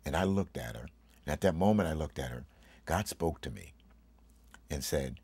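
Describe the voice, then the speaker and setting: A middle-aged man with an extremely low, husky voice tells a heartfelt testimony the way a pastor preaches, pressing hard on his words. His emotion runs close to the surface. The sound is dry, with no room around him. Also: lively intonation, moderate pace, pauses often, a little mellow, no room sound. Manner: emphatic, preacherly delivery; emotional, tearful at times.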